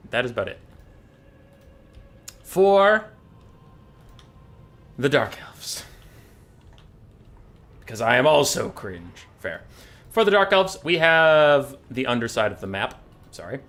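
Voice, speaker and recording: A man streaming a strategy game who tells a jokey, animated story and then runs through the armies. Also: mid-range voice.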